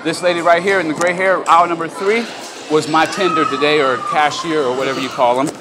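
A man's voice: a little high, steady tone. A man filming himself on a phone in a large store, heated and profane in an angry confrontation. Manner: heated, profane, fast-talking. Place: large retail store indoors. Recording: loud store noise behind. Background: store ambience.

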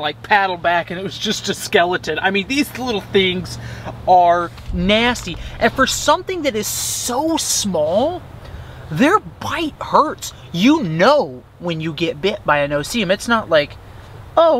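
A chatty young man tells his camera about cooking and bugs at a beach campsite, laughing often. His voice sits fairly high for a man, and a faint outdoor hush runs behind him. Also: slight background noise. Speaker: outdoor adventure vlogger. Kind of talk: casual camp vlog narration.

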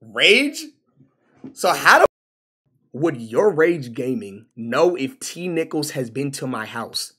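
A man's voice: high voice, breathy edge. A man streaming live, reacting to posts in loose, profane, exclaiming talk, with bro at the end of nearly every line. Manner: animated, exclaiming, profane, says bro constantly.

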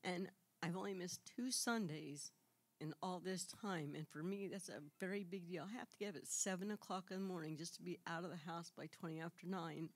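A woman giving a heartfelt testimony at a church service, fighting back tears and speaking in quick rushes. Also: on the low side, no echo. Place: church sanctuary.

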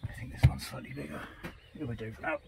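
An Irish man from West Cork with a West Cork accent, chatting in a dry, teasing, laid-back way while helping out in a garden. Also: quick pace. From West Cork, Ireland. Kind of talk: casual chat. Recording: noisy outdoor recording.

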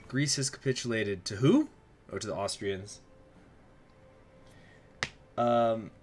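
A man's voice: medium pitch, fairly bright tone, slight background noise. A young man streaming a strategy game live, chatting in a rambling way and reacting aloud to what happens on screen.

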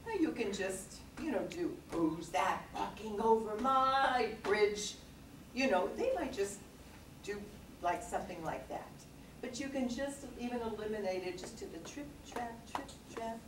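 A woman presenting a read-aloud workshop in a lively way, breaking into little songs as she teaches. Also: mid-range voice, moderate pace. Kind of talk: teaching with sung story examples. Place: workshop room. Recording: echoey room, mic far off, noisy.

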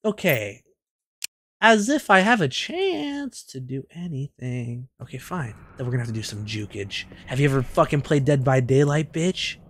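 Excitable trash-talking young man gamer. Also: mid-range voice, moderate pace, a little hiss or hum. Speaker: streamer. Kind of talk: casual gameplay commentary.

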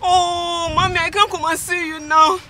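A woman's voice: very high-pitched, flat delivery, moderate pace, sharp tone. An actress with a Nigerian accent playing a desperate mother pleading and crying over her missing child in a gospel film. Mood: anguished. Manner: pleading, anguished, tearful.

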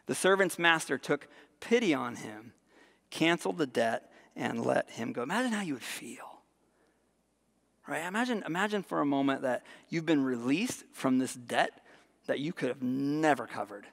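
A man preaching a sermon as pastor, animated and conversational, tossing in frequent rhetorical asides. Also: fairly high pitch, moderate pace, in a large hall. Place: church sanctuary.

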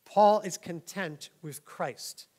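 A pastor from New York preaching a conversational sermon, often laughing and checking in with "right?". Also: male voice, high voice, slow pace, a little mellow. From New York, USA. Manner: chatty, laughs often, keeps asking "right?".

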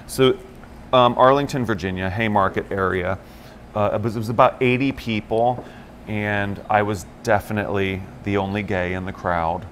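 On the low side and at a moderate pace, a man's voice comes through a little hiss or hum as he co-hosts a morning talk show. In casual chat he tells lively stories, acting out quotes in other voices.

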